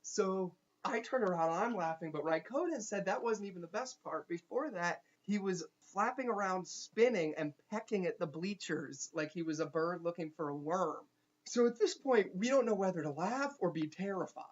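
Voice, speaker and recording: A young man, a teacher, telling a funny story casually with animated asides and quick restarts. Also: high-pitched. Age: young adult. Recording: dull lo-fi recording.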